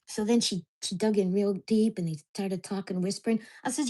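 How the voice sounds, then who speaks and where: A woman's voice: mid-range voice, steady tone, a little fast, few pauses, mellow. A woman telling a heated, profane story about her neighbors in a casual vlog recorded at home. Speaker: vlogger.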